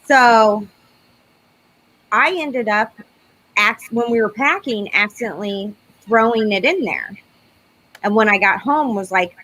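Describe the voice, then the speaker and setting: A woman's voice: mid-range voice, a little slow, pauses often, a bit bright, rough recording. A woman guest on a live-stream chat, telling stories and acting out what others said. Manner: chatty storytelling, acting out quotes. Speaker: paranormal investigator guest.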